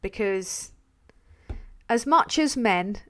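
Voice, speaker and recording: A woman's voice: medium pitch, expressive, drawn-out words. A woman hosting a live stream, talking bluntly with frequent swearing, rambling between points and reading out viewer messages. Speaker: livestream host.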